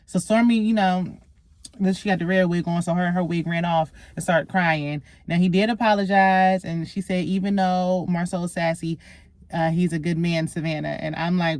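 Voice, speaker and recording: A woman's voice: on the low side, fairly quick, a little mellow, no echo, clean studio sound. A woman, recapping a reality show in casual, sassy chat straight to her viewers.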